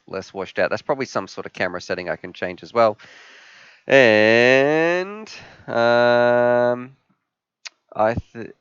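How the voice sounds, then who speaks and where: Aussie guy in his 30s rambling through a live q&a, low voice, dull dry audio. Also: clear, resonant tone, no room sound. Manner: rambling, animated storyteller. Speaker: host. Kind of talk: live stream Q&A chat.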